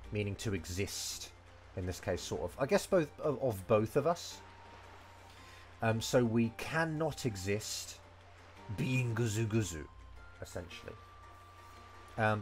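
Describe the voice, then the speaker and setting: A man teaching Japanese vocabulary and grammar in a casual, rambling way, full of fillers and restarts. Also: fairly low pitch. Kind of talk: casual game-based language lesson.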